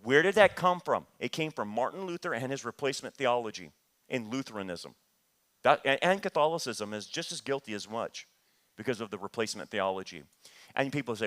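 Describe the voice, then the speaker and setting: A man's voice: mid-range voice, animated, a little fast, fairly bright tone. A man teaching a church Bible study, emphatic and repetitive, rising into heated outbursts. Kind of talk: sermon-style teaching.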